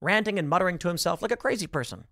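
Brief: male commentary host, conversational and rhetorical, gravelly tone. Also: high-pitched, expressive, very fast, sharp tone, dry recording, clean studio sound. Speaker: host of a political commentary show. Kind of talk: casual commentary to camera.

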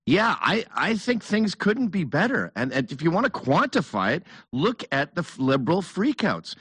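A man's voice: a little high, big pitch swings, normal speed, fairly bright tone, husky, dry recording. A man hosting a casual chat, talking bluntly and emphatically, often with mockery.

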